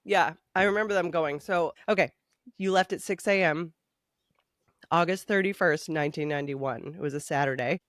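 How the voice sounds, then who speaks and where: Woman reading her teenage diary aloud, low and dry. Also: moderate pace, no room sound. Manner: reads with dramatic emphasis. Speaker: podcast co-host. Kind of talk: casual chat, reading old diary aloud.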